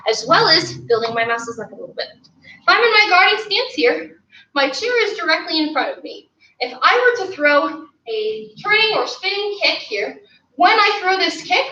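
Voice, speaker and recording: Upbeat woman coaching kicks, bright. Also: sits high, slight background noise. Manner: upbeat, coaching, counts reps aloud. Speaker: martial arts instructor. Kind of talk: online class instruction. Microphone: camera mic from a distance. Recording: roomy, distant, dull lo-fi sound.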